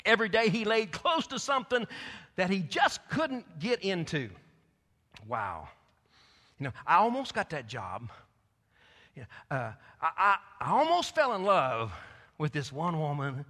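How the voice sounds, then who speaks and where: A male pastor preaching a fervent sermon, swinging between loud exhortation and quiet asides. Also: high-pitched, big pitch swings, normal speed. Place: church. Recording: long reverb of a church hall.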